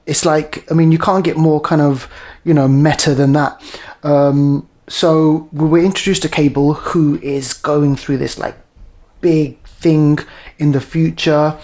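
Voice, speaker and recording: A man's voice: on the high side, fairly even intonation, measured pace, a little mellow. Man, casual film review chat, enthusiastic, rambling, lots of ums. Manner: rambling, enthusiastic, many fillers and restarts.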